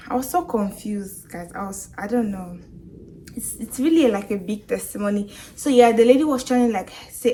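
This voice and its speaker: A woman's voice: a little high, expressive, normal speed, a little mellow, a little hiss or hum. A young woman vlogger retelling a frightening personal experience as a storytime testimony. She speaks with raw emotion and acts out the voices of the people in her story.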